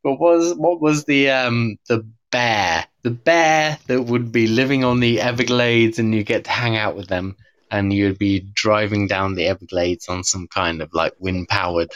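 A man's voice: lowish voice, fairly even intonation, measured pace, a bit bright. A British man in his thirties chatting casually, rambling with many fillers and restarts. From Britain. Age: 30s. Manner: rambling, lots of fillers and restarts, puts on silly voices. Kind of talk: casual chat.

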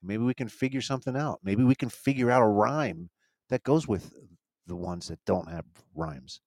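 A man's voice: fairly low pitch, normal speed, a little mellow, dry recording, rough recording. A man hosting a casual live podcast, rambling with many restarts and easy laughter. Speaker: podcast host. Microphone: handheld mic.

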